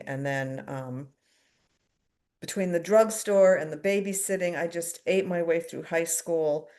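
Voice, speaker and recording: A woman's voice: on the low side, steady tone, unhurried, a little mellow. A middle-aged woman from the United States giving a candid, self-deprecating personal recovery share at a twelve-step meeting, with fillers and wry asides.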